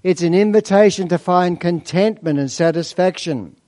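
Man, preacher, sermon, mellow dark tone, high-pitched for a man. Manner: expository preaching with rhetorical questions, slowing for emphasis.

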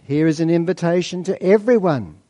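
A man preaching a sermon, asking rhetorical questions and slowing down to stress key points. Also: fairly high pitch, warm tone.

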